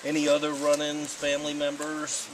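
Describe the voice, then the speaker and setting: Guy playing a deadpan tv reporter, slightly high voice, outdoor camera audio with noise behind. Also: normal speed, lightly acted. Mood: earnest. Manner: earnest, deadpan interviewer. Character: earnest male TV field reporter. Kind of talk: improvised comedy role-play. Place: outdoors in the woods.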